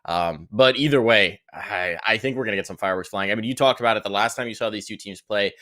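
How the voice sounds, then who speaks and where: Guy with a lowish voice hyping up a counter-strike match, pre-game caster talk, keeps piling on phrases. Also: fast talker. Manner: energetic, builds on his own phrases. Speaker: esports caster. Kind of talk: pre-match esports commentary.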